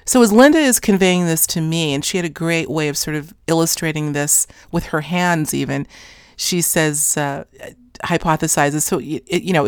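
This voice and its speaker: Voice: mid-range voice, smooth, no room sound. Host retelling an interview story, rambling and self-correcting, mid-range voice in a dry booth. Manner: grows more animated toward the end. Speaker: podcast host recounting an interview. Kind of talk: casual storytelling monologue.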